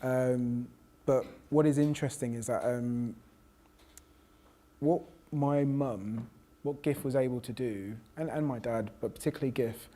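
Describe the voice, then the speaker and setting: Professor, reflective storyteller, mid-pitched, restarts a lot. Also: male voice, steady tone, measured pace, dark tone. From South London. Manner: reflective, with frequent restarts and quoted voices. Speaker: professor and panel guest. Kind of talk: personal storytelling in conversation.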